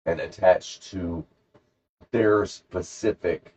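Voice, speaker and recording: A man's voice: low-pitched, steady tone, takes it slowly, mellow, a little hiss or hum, poor audio. A man hosting a podcast, casually telling a rambling, jokey story and acting out the characters. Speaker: podcast host.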